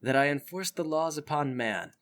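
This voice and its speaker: A man voicing a calm, grandiose nanomachine being that speaks in lofty declarations. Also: a little high, moderate pace.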